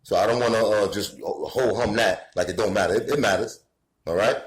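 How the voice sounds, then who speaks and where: A man's voice: lowish voice, fairly quick, roomy sound, low-quality recording. Profane ranting Bronx man. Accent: New York, Bronx. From New York City, the Bronx. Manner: swearing, heated, rising to shouts. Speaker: commentator. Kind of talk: profane rant to camera.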